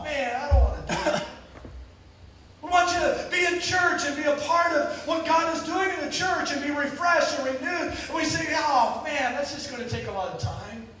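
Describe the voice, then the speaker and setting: A man preaching a sermon, telling stories and moving between sudden shouts and quiet drops, often repeating words as he restarts. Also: very high-pitched, slight background noise. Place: church. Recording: echoey hall from far off.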